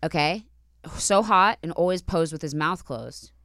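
A woman's voice: fairly low pitch, unhurried, fairly bright tone, no room sound, studio quality. A young woman, a guest on a podcast, chatting candidly, laughing and swearing freely. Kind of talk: casual chat.

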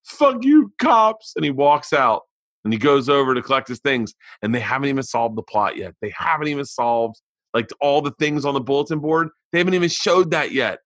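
A man in his forties, a comedian hosting his podcast, telling stories in a profane, animated, exasperated way and reading an ad. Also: mid-range voice, fairly quick, no echo. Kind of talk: casual storytelling and ad read.

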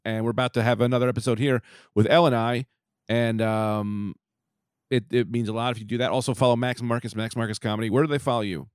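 A man's voice: medium pitch, fairly even intonation, fast talker, clean tone, no room sound, studio quality. A man hosting a casual comedy podcast, joking crudely and rambling. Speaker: podcast host.

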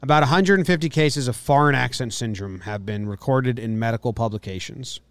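A man with a smooth, clear voice reads odd news stories aloud on a podcast, dryly skeptical and wry. The sound is close and dead, with no room in it. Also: medium pitch, a little fast, a bit bright, dry recording. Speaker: podcast co-host. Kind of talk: casual chat.

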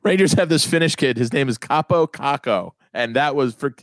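A man co-hosting a podcast, telling funny family stories in a casual, animated way and often doing loud impressions of his father. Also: mid-range voice, normal speed, no echo, clean studio sound. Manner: animated storyteller, mimics his dad in loud bursts. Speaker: podcast co-host. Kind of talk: casual comedic chat.

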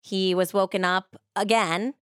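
A woman's voice: medium pitch, steady tone, unhurried, fairly bright tone, clear, resonant tone, dry recording, studio quality. A woman hosting a podcast, telling a true-crime story in a casual, chatty way with many "like" fillers. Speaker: podcast host.

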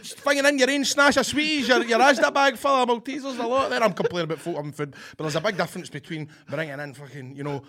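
Scottish guy, bright sharp voice, sweary, cheeky storyteller. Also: very high voice, quick pace, hardly any pauses. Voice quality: swears freely, animated storyteller. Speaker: co-host. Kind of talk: casual storytelling chat.

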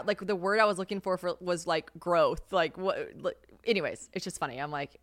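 A young woman talks straight into a podcast mic in a dry, close recording. Her voice sits a little low for a woman. She rambles through casual, self-mocking stories, swears freely and leans hard on "like". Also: fairly quick, fairly bright tone, no room sound. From United States. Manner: chatty and self-mocking, heavy use of "like", swears freely, laughs often. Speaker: podcast host. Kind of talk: casual solo podcast storytelling.

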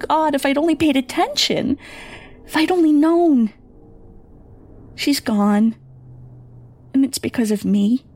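A woman's voice: a little high, gravelly, warm tone. A woman voicing a tearful, remorseful middle-aged mother who pleads and sobs. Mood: anguished. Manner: pleading, sobbing.

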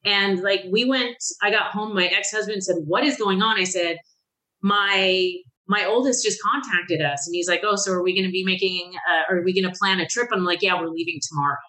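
A middle-aged podcast guest recounts her recovery with warmth and candor, performing the voices of those she quotes. Her mid-range voice is bright and forceful, fairly quick, with mostly even intonation, and the recording is rough.

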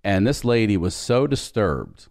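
A man's voice: on the low side, very animated, unhurried, vocal fry, a little mellow, dry recording, studio quality. A man in his forties telling a personal story, acting out the dialogue and swearing freely. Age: 40s. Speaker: podcast guest. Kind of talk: storytelling in casual conversation.

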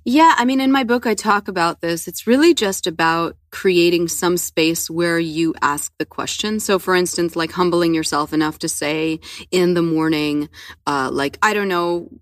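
A woman's voice: on the low side, normal speed, no echo, studio quality, recorded from a distance. A woman talking candidly and profanely as a guest author, acting out the voices in her head. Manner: profane, animated, acts out inner voices. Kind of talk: candid casual conversation.

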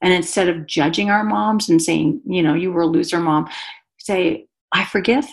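A woman's voice: fairly low pitch, steady tone, moderate pace, creaky. A woman guest giving an earnest, emotional personal testimony in conversation, a mother speaking about her life. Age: adult mother.

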